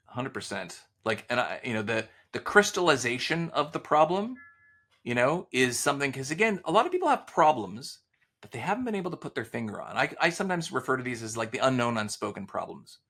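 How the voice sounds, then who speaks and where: Animated gravelly man explaining sales. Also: medium pitch, a little fast. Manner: animated storyteller, acts out quoted dialogue. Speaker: sales author and consultant guest. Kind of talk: casual podcast interview.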